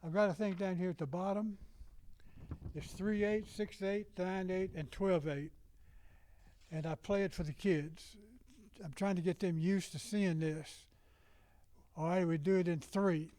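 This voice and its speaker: A man's voice: high-pitched, fairly even intonation, measured pace, warm tone, no echo, low-quality recording. An older man with a Southern US accent, a music teacher rambling informally to fellow educators and singing rhythm syllables to demonstrate.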